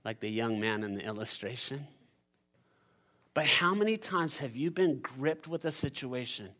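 A man preaching a sermon, telling a story and building to loud climaxes. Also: a little high. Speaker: pastor.

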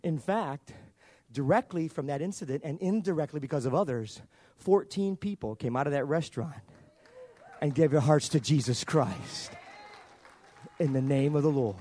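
A male pastor preaching a sermon in an emphatic, repetitive way that builds up to shouting. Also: on the high side, normal speed, no room sound.

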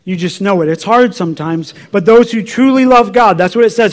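A man's voice: sits high, brisk, few pauses. A male pastor preaching a sermon in an earnest, repetitive way, sometimes dropping to a near-whisper.

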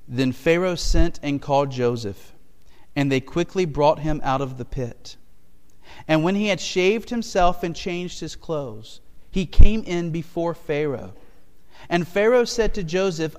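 High-voiced earnest preacher in a long-echo hall. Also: male voice, measured pace, a little mellow. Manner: earnest, emphatic preaching with rhetorical questions. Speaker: pastor. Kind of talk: expository sermon.

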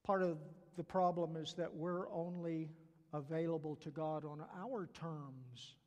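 Casting note: older Southern man, stutters, higher-pitched voice, earnest sermon in a long-reverb church hall. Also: fairly even intonation, measured pace, a little mellow. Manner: earnest, repeats key phrases, acts out quoted voices. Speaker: church staff preacher. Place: church sanctuary.

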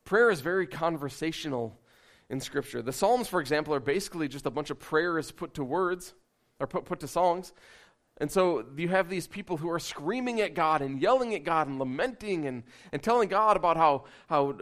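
A man preaching a sermon in a conversational, animated, self-deprecating way. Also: fairly high pitch, fairly quick. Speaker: pastor.

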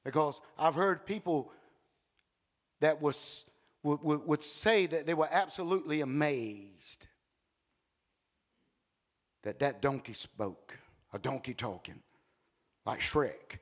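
A male preacher giving a sermon in animated storytelling, with blunt joking asides and bursts of shouting. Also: fairly high pitch, slow pace, pauses often, in a large hall.

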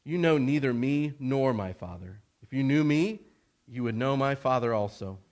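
A man reading aloud the words of a calm, authoritative male teacher in a measured, plain way. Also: medium pitch, lightly acted. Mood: solemn.

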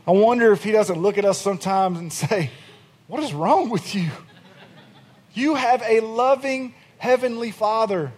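A man in his thirties preaching a conversational sermon in church, rising in force. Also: extremely high pitch. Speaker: pastor.

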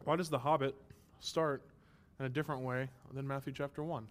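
A man's voice: mid-range voice, fairly even intonation, brisk. A man preaching a sermon as pastor, emphatic and impassioned, asking rhetorical questions, his throat a little strained.

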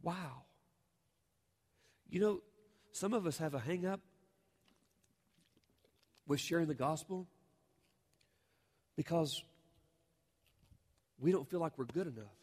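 Guy pastor preaching in a church, slightly high voice, gets fired up and loud. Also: slow pace, long pauses, husky. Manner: earnest, building to fervent appeals. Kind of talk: sermon. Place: church sanctuary.

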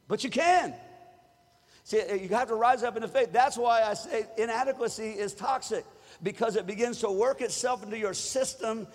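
A high-pitched man preaching a sermon in a church, his voice carrying a long hall reverb. He talks easily with the congregation and builds to loud calls for them to join in. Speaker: pastor.

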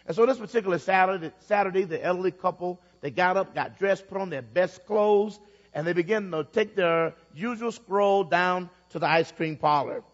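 A high-voiced male pastor preaches in a church, spinning a story and repeating phrases for emphasis. His voice rings through a big hall with a long echo, and the recording has a dull, muffled sound. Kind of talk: sermon.

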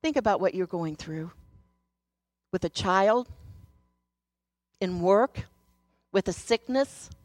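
A woman's voice: medium pitch, animated, slow, long pauses, no room sound. Earnest woman preaching in a dry recording. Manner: storytelling, earnest, shifting between hushed and emphatic. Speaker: speaker sharing a devotional message. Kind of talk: sermon.

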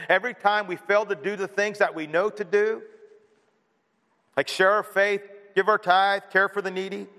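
A man's voice: high-pitched, pushed and bright. A man preaching a sermon as pastor, earnest, with many rhetorical questions. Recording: long hall reverb.

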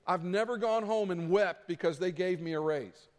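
A man's voice: high-pitched, moderate pace. A middle-aged man preaching a sermon as pastor, earnest and conversational, slipping into quoted voices of others. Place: church sanctuary. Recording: long reverb of a church hall.

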